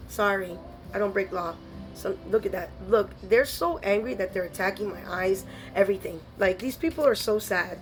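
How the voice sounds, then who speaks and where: A woman's voice: mid-range voice, normal speed, soft background music. A woman giving a spiritual tarot reading, blunt and scolding, full of streetwise slang. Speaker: tarot reader.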